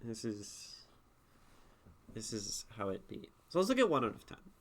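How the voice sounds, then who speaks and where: Relaxed male streamer critiquing poems. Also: lowish voice, a little slow. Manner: relaxed, thinking aloud, reads lines and breaks them down. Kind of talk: live-stream poetry critique.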